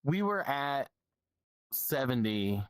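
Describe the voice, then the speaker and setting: A man's voice: medium pitch, sing-song, takes it slowly, clean tone, low-quality recording. A man talking as a guest on a casual stream interview, rambling and repeating words while he thinks.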